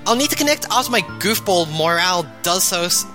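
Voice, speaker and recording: A woman voicing a hyper-excited young female sea troll who keeps making fishy glub noises, as a fan reading of chat logs. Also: fairly low pitch, fairly quick, over music, pitched below the performer's own voice, natural voice. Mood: cheerful.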